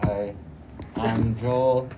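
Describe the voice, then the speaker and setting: A woman's voice: rumbling low, fairly even intonation, drawn-out words, background noise. A woman co-hosting a playful home show, talking in a giggly, put-on British accent. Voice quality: giggly, mock-posh. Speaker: co-host.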